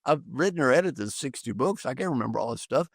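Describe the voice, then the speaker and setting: A man's voice: medium pitch, expressive, fast, gravelly, dry recording, clean studio sound. An older man, an executive coach on a podcast, talking emphatically and repeating phrases for effect. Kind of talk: animated conversational storytelling.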